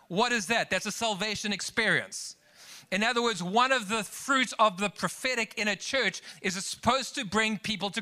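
A man's voice: sits high, bright, forceful tone. A man preaching a sermon, emphatic, mixing scripture with personal stories told to the congregation. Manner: emphatic preaching with rising exclamations; storytelling asides to the congregation. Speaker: pastor.

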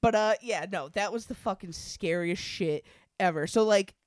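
Woman cohost on a podcast, laughs a lot, swears, mid pitch, dry close mic. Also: moderate pace, a little mellow, dry recording. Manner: laughing, profane storyteller. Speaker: podcast co-host. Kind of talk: casual chat.

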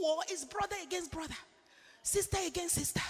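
A woman from England preaching a sermon with passion, swinging between shouted declarations and quiet confession. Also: very high-pitched, a little fast. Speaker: apostle preaching. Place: church hall. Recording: long hall reverb with faint music.

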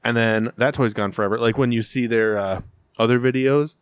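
A man in his thirties, chatting casually on a podcast, blunt and profane, telling stories with animated quoted voices. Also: medium pitch, moderate pace, smooth, dry recording. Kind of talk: casual chat.

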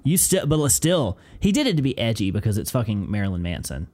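A man co-hosting a podcast in loose, excited banter with casual swearing. His voice sits at a middle pitch for a man. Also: a little fast. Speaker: podcast co-host.

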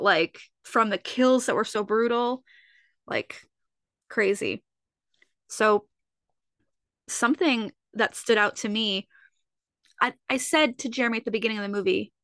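A woman's voice: a little high, dry recording, studio quality. A woman co-hosting a podcast, chatting casually and animatedly, often acting out lines from scenes. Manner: animated, acts out quotes from scenes. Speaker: podcast co-host. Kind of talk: casual chat.

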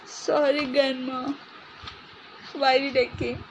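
A woman's voice: high voice, flat delivery, slow, slight background noise, rough recording. A woman doing a whiny pleading grandkid. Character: whiny scolded grandchild boy. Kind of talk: amateur comedy cooking skit.

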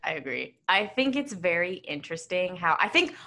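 A woman's voice: on the low side, very animated, moderate pace, bright, forceful tone. A young woman with a slight New York accent hosting a casual podcast, chatty and swearing freely. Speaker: podcast host.

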